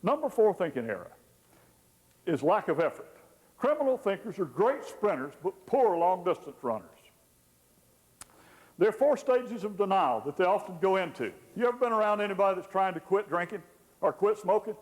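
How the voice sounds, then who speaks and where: A man's voice: high-pitched, big pitch swings, normal speed. Folksy man teaching in a reverberant hall. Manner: folksy, acts out quoted people with humor. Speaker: Christian counselor teaching. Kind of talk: teaching talk to an audience.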